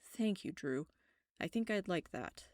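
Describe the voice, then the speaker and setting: A woman voicing a gentle young male vampire, quiet and strained, in a storybook reading. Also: fairly low pitch, expressive, a little slow, no echo, clean studio sound. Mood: calm.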